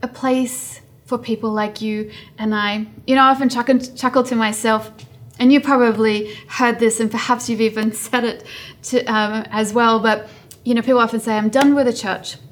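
A woman's voice: on the high side, little pitch movement, normal speed. A woman preaching a sermon in an earnest way, building her points through repetition.

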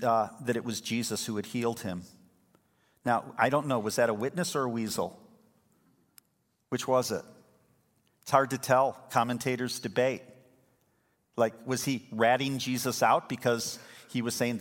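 A male pastor preaches in a church sanctuary, and long reverb trails every word. He tells the story with lively energy and acts out the voices of the people in it. His pitch sits in the middle for a man. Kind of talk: sermon.

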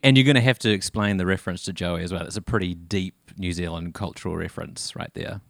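A man hosting a podcast, asking measured questions and explaining references for listeners. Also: deep voice, gravelly, fairly bright tone, no echo. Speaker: podcast host. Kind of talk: interview questions.

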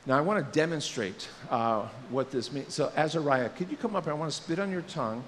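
A male pastor giving a lively sermon, joking and acting out quotes in different voices. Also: a little high, a little fast, long reverb tail, a little hiss or hum. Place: church sanctuary.

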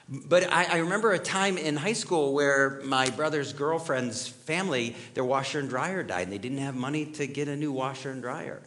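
This pastor, a middle-aged man, preaches conversationally, drawing on his own stories and asking the audience questions. He speaks at a normal speed with hardly any pauses, in a mid-range voice that's a bit bright.

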